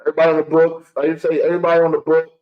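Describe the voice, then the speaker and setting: Heated sports-show host ranting. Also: male voice, a little high, monotone, rapid-fire, dull audio. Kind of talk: live-streamed fan sports commentary.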